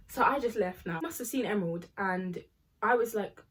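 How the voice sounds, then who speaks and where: A woman's voice: mid-range voice, fairly quick, breathy edge. A young woman tells a story casually and animatedly, acting out the people in it. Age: young adult. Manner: animated, acts out quoted people. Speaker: storytime vlogger.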